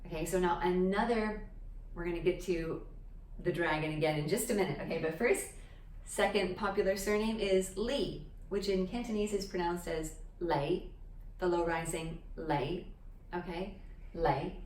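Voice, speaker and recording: A woman's voice: fairly low pitch, moderate pace, a little mellow, a little hiss or hum. Chatty woman teaching in an echoey room. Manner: chatty, explaining step by step with frequent "okay?" checks. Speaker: language teacher. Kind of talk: casual teaching at a whiteboard. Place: indoor room with a board. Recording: echoey room, mic at a distance.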